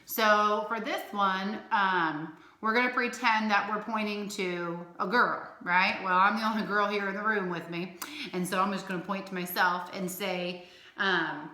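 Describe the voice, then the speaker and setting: A woman teaching a remote phonics lesson to young children, speaking slowly and clearly and chanting letter sounds. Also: mid-range voice, steady tone, pushed and bright, reverberant, rough recording. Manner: slow, clear, encouraging, with sung chants. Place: room at home, alone.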